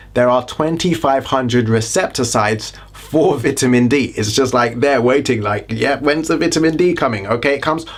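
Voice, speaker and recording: A man with a British accent, a wellness vlogger talking casually to camera with chatty, joking, self-deprecating asides. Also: medium pitch. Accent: British English. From Britain.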